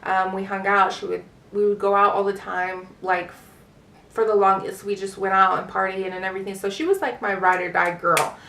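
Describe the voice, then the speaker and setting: A woman's voice: medium pitch, fairly even intonation, moderate pace, gravelly, fairly bright tone, a little hiss or hum. A woman in her twenties telling a personal story in a casual, rambling way, full of fillers and swearing. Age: 20s. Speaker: vlogger. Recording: roomy echo, distant mic.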